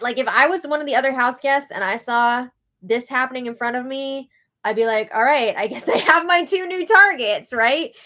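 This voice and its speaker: A woman with a higher voice hosts a live recap in a casual style, dropping sarcastic asides and laughing often. She swings between loud outbursts and hushed remarks.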